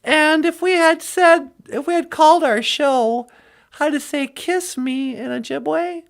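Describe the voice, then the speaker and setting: Giggly goofy woman teaching a phrase of the day, really high voice, takes her time. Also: unhurried, creaky. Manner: giggly and goofy, often breaking into laughter. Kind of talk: playful casual vlog chat.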